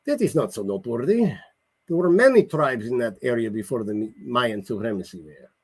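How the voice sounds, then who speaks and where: A man reading his novel aloud, voicing a wary, irritable older English scholar in a put-on English accent with a husky tone. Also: mid-range voice, very animated, a little fast. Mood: dismissive. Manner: wary, irritable, clipped speech. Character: sharp, eccentric older English male scholar.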